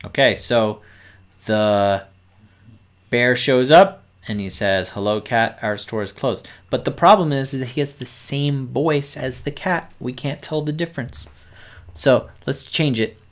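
A man whose mid-range voice runs a little slow hosts a coding stream where he teaches kids to program. He speaks directly to viewers, patiently breaking everything down step by step.

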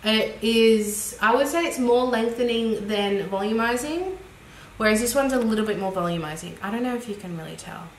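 A woman's voice: on the high side, normal speed. Australian woman, beauty vlogger, chatty, giggly, roomy echo, faint background hiss. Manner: chatty and giggly, thinking aloud. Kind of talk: casual makeup review chat. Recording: echoey room with faint noise.

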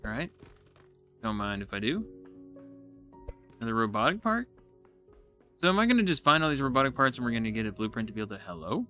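A man giving casual let's-play commentary, excitable and thinking aloud as he explores, now and then poking fun at himself. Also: mid-range voice, quick pace, pauses often, faint music behind. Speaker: gaming YouTuber.

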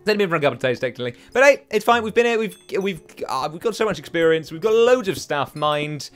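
Excitable young man gaming. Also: fairly high pitch, fast talker, soft background music. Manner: chatty, excitable, self-mocking, sings silly chants. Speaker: gaming channel host. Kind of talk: casual let's play commentary.

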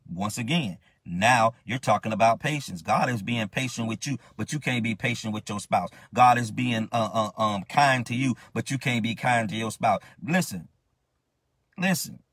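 A man's voice: medium pitch, moderate pace, fairly bright tone, husky, no room sound. A man ministering, preaching a sermon in a fervent, questioning way with many restarts.

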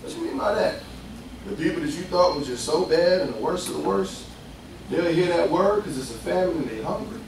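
Echoey preacher, lively and high. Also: male voice, brisk, slight background noise. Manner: lively, conversational, acts out voices, laughs often. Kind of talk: sermon. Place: church. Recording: echoey distant room sound.

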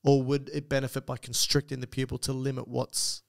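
Speaking a little fast in a level, creaky mid-range voice, the Australian co-host keeps the podcast conversational. He reads emails from listeners and explains things, cracking jokes as he goes.

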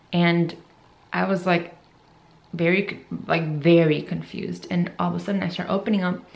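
Chatty young woman with a gravelly edge. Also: on the low side. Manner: chatty, emotional, rambling. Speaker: fitness vlogger. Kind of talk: casual talk to camera.

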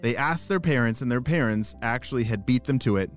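A man's voice: medium pitch, fairly quick, soft background music. A man narrating a children's story and talking to young listeners. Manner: animated, talks to young listeners.

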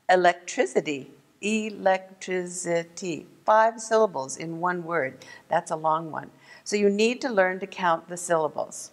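A woman teaching a lesson for children, gentle and clear, slowing down to sound out words. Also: lowish voice, in a large hall. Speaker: museum art educator. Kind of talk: instructional video lesson for kids.

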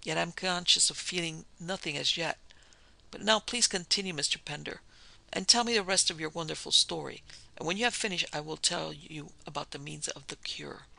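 A man voicing a calm, gentle male doctor of psychic cases who speaks in measured, reassuring tones. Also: a little high, creaky, full character voice, poor audio.

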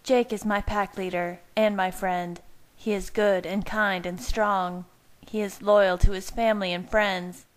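A woman's voice: medium pitch, fairly even intonation, a little slow, close to an everyday voice. A woman reading aloud and voicing an angry, protective young female werewolf who shrieks and snarls her accusations. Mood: fervent.

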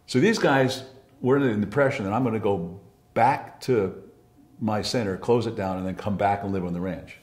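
A man's voice: fairly low pitch, moderate pace, a little mellow. Blunt, profane older man in a roomy space. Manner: profane, blunt, with frequent restarts. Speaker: interviewee recalling past. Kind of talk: candid storytelling. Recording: roomy echo.

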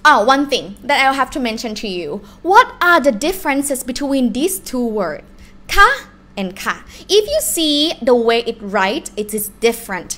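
A young woman with a Thai accent teaching a live-streamed language lesson, explaining slowly and repeating words in different tones. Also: sits high, sing-song, a bit bright. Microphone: laptop or phone mic on a live stream.

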